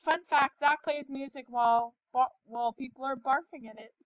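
A woman hosting a casual gaming video, giggly and excitable, often breaking into laughter. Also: sits high, moderate pace, no room sound, highs cut off. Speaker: gaming channel host. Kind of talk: casual chat while gaming.

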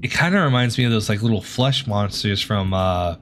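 A gaming video host with a fairly low, slightly bright voice talks briskly over a little hiss or hum. He's doing let's play commentary on a horror game, jumpy and cracking nervous jokes, swearing and yelping whenever something scares him.

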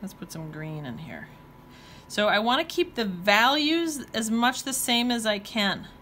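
A woman with a slightly high, fairly bright voice and big pitch swings talks through a watercolor painting at a measured pace. She's casual, thinking aloud with playful exclamations, and slight background noise can be heard.

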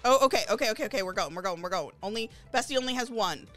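A woman streaming a game live, chatting to her viewers and gushing excitedly over new items. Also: medium pitch, very fast. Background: faint game lobby music.

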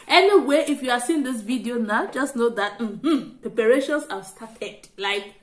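A young woman chatting to camera at home in a bubbly, giggly way, repeating phrases when excited. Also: on the high side, normal speed. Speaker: vlogger host. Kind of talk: casual vlog chat to camera. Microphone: camera set up in front of her.

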